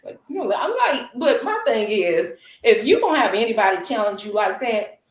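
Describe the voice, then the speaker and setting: A woman guest, a mother of twin boys, chatting casually and telling playful, expressive stories. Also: fairly high pitch, normal speed. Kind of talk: casual chat. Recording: roomy echo.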